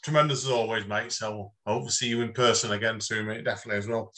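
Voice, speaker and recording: British man hosting an open mic on a video call, friendly mate-heavy banter, fairly low voice with a sharp bright edge. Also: level tone, fast talker. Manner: chummy, says "mate" a lot.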